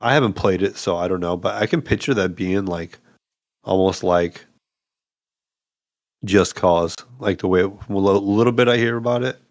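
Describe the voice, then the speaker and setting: A man's voice: deep voice, normal speed, no echo, studio quality. A man co-hosting a gaming podcast in a laid-back way, reading out listener questions. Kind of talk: casual gaming podcast chat.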